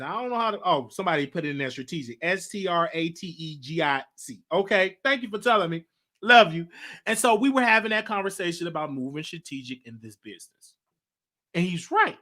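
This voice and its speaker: A man hosting his own show, telling a story in a chatty, animated way with slang asides. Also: high voice. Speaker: host. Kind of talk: casual livestream talk.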